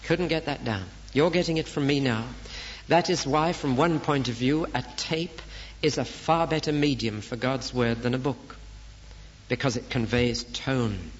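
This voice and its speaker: A man's voice: medium pitch, normal speed, a little hiss or hum. A man preaching a Bible study sermon, earnest and pleading, explaining scripture like a teacher. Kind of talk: expository sermon. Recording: dull lo-fi tape recording.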